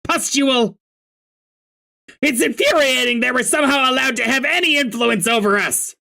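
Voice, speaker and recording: A reader voicing a hot-tempered young male troll who shouts and rants in exasperation. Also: sits high, moderate pace, gravelly, pitched above the performer's own voice, full character voice. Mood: angry ranting.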